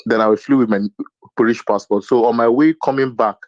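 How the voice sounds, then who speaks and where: A man's voice: medium pitch, brisk, no echo, lo-fi sound. A man from Nigeria telling a long personal story in casual chat, full of fillers like "you know" and acting out what people said. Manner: animated anecdote-telling with many fillers and acted quotes. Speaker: podcast co-host.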